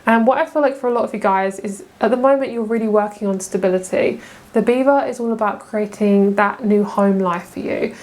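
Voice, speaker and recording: A woman's voice: mid-range voice, a little mellow. A young woman giving a casual tarot pick-a-card reading, chatty and gushing, often laughing. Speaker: tarot reader.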